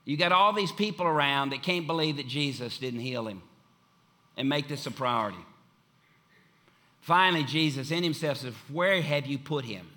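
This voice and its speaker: A man's voice: fairly high pitch, normal speed, bright, forceful tone. A man preaching a sermon with an emphatic, repetitive cadence.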